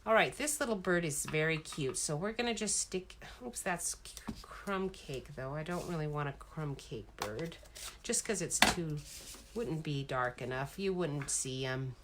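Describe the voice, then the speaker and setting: A woman's voice: low-pitched, animated, measured pace, background noise. A middle-aged woman chatting casually as she makes a greeting card, rambling and talking to herself as she works. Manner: chatty, rambling, self-talk while working. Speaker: card-making crafter. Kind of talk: casual crafting demo chat. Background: paper crinkling and stamp clicks.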